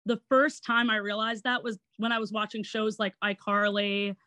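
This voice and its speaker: A woman's voice: mid-range voice, normal speed. A woman in her twenties with a Long Island accent, chatting as an interview guest and laughing as she tells her story. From Long Island, New York. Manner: chatty and giggly, animated retelling. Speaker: guest, actor and online entertainer. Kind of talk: casual interview chat.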